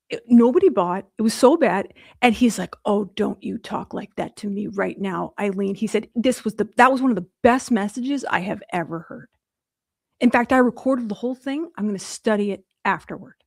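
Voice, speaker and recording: A woman coach giving a livestream teaching talk, telling her story in an animated way and speaking straight to her viewers, with quick restarts. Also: mid-range voice, no room sound, studio quality.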